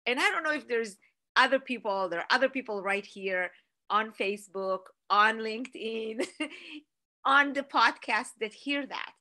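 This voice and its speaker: Woman motivational speaker, lively storyteller, bright and slightly high voice. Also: measured pace. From Israel. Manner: energetic, animated storytelling with rising emphasis. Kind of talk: motivational talk to an online audience.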